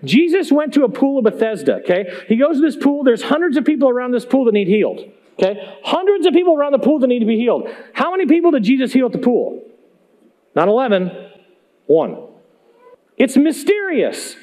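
A man's voice: extremely high pitch, big pitch swings, fairly quick, dark tone. A man preaching in a church, talking conversationally to the congregation with emphatic rhetorical questions. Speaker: pastor. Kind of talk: sermon. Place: church sanctuary.

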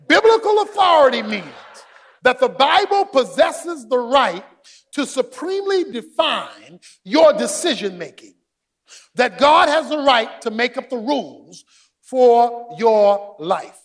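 A man preaching a sermon, shouting for emphasis and joking with his congregation. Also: very high voice, big pitch swings, takes it slowly. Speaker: pastor.

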